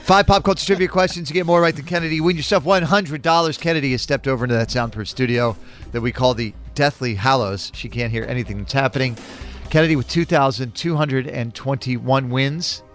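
A male radio host runs a trivia game from the studio, reading each question with upbeat punch. His voice sits at an ordinary middle pitch, and faint music plays underneath. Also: fairly quick, a bit bright. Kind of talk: radio quiz hosting.

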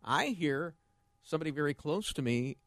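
A man co-hosting a talk radio show, joking and sarcastic in quick banter. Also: a little high, no room sound. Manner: sarcastic, animated, jokey. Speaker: radio co-host.

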